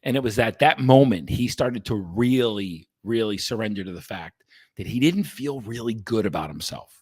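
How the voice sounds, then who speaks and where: A man's voice: on the low side, lively intonation, normal speed, a little mellow, slightly rough, no echo. A man hosting a podcast, talking bluntly and emphatically to his listeners, swearing freely and often restarting his sentences. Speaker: podcast host and coach. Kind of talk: casual monologue to listeners.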